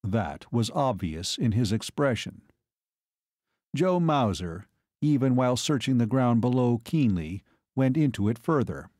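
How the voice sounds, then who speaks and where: Measured male audiobook narrator. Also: mid-range voice, very animated, darkish tone, no room sound, studio quality. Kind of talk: scripted narration.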